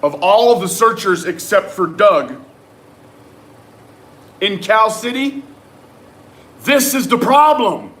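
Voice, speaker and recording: A man's voice: high voice, lively intonation, takes it slowly, long pauses, fairly bright tone. A young man hosting a livestream, ranting profanely and calling out chat commenters by name. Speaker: livestream host.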